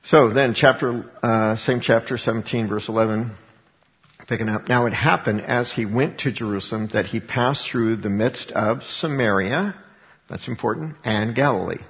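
Man, pastor, sermon, gravelly voice, reads verses then explains them, rhetorical questions, dull lo-fi sound. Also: mid-range voice, normal speed, big-room sound.

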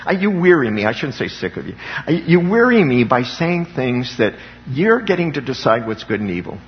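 A man's voice: medium pitch, sing-song, normal speed, dull audio. A man preaching an impassioned sermon as a pastor, calling on the congregation for amens.

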